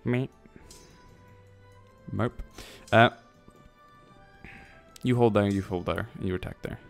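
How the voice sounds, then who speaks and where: Low-voiced man rambling over gameplay. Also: steady tone, takes it slowly, creaky, soft background music. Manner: rambling, thinks aloud, jokey asides. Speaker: let's play commentator. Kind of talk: casual gameplay commentary.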